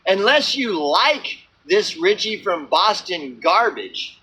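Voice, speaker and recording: A man with a high, sharp voice rants to his camera in a loose vlog. He swears freely and circles back on himself with many fillers and false starts. His tone is tense and bright throughout. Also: big pitch swings, slow pace, breathy edge, low-quality recording. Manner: profane, repetitive, many fillers and restarts. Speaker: small channel vlogger. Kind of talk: rambling unscripted rant to camera.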